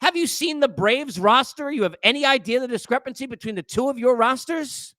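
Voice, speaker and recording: A man hosting a sports talk show, his voice high and bright as he lectures listeners in an exasperated rant. He hammers his points by repeating them. The sound is dry and close, with no room around it. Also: a little fast, no echo. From New York area.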